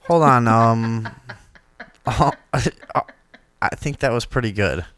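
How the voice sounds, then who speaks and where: A man's voice: mid-range voice, very slow, fairly bright tone, a little hiss or hum. A man co-hosting a casual talk show, laughing and trading crude jokes. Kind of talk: casual joking chat.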